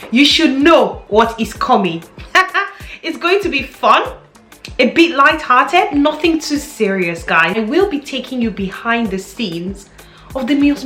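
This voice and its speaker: A woman's voice: fairly high pitch, fairly bright tone. A young woman vlogger chatting playfully to her viewers and laughing often. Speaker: fragrance vlogger. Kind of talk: casual chat to camera. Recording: echoey room with faint music.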